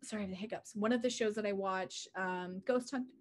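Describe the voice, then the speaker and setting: A woman's voice: mid-range voice, moderate pace, slight background noise. A woman co-hosting an entertainment podcast, chatting casually and rambling with constant fillers. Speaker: podcast co-host. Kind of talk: casual chat.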